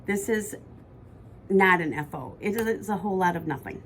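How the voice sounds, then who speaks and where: A woman's voice: mid-range voice, expressive, normal speed, slight background noise. A woman, co-hosting a podcast in casual chat that rambles and corrects itself as she goes. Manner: chatty, rambling, self-correcting. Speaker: podcast co-host.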